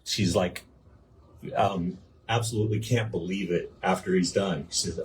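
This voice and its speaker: A man's voice: low-pitched, normal speed, noisy background. A man telling a rehearsed joke on a live stream, a little nervous about getting it right.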